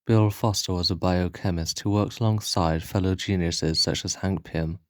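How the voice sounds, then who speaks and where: A man reads his own fan story pitch aloud, breaking off now and then for casual asides. His voice is very deep. The sound is dry and close to the mic. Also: fairly even intonation, normal speed, no echo. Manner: casual asides between narration.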